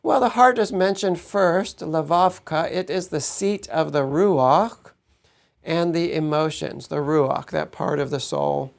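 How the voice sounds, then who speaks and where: A man walks his congregation through a Bible passage in an unhurried, explanatory way. His voice has a gravelly fry, and he keeps a slow pace. He often checks in with a quick "right?". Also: a little high. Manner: explanatory, measured, asks "right?" to listeners. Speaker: teacher of a Messianic congregation. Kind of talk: Bible teaching.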